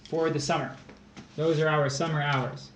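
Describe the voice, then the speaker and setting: A man's voice: on the high side, little pitch movement, moderate pace, fairly bright tone, echoey room, a little hiss or hum, poor audio. A man hosting a tutoring stream, chatting casually and joking with word puzzles. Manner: jokey, playful with words.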